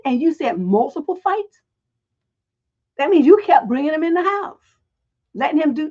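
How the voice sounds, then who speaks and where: A middle-aged woman hosting a relationship advice livestream, telling stories in a blunt, profane, animated way. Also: high-pitched, lo-fi sound.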